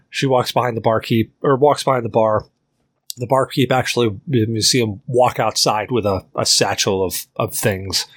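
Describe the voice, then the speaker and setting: Young male game master, mid-pitched, loose rambling narration. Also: fairly bright tone. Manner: rambling, filler-heavy, laughs often.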